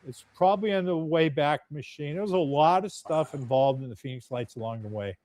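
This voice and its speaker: Telling a story as a podcast guest, a UFO videographer speaks bluntly and casually, swearing freely. His voice is a little high with a darkish tone and a fairly quick pace, in a dry recording.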